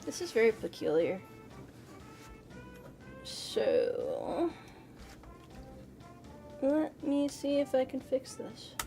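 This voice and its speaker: A VTuber with a high, sing-song, mellow voice talks at normal speed with hardly any pauses over soft background music. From her home PC she chats playfully with her chat, swearing plenty and muttering and exclaiming while putting a model together.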